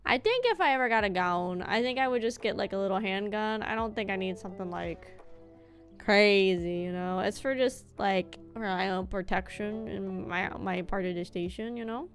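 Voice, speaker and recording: A woman's voice: medium pitch, normal speed, soft background music. Chatty rambling young woman streamer. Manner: chatty, rambling, casually profane. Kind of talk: casual chat while gaming.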